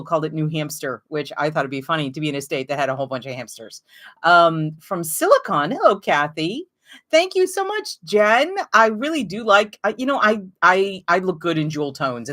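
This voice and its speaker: Female knitting host, lilt, friendly rambling live-stream chatter, slightly low voice. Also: fairly bright tone. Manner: chatty, greets viewers by name and place, rambling asides. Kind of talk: casual live-stream chat.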